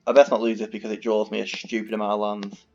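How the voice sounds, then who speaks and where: A man's voice: on the low side, level tone, fast talker, darkish tone. A man casually commentating on his own card game, muttering and swearing when annoyed. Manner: swearing, exasperated ranting. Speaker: gaming video host. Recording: dull lo-fi recording.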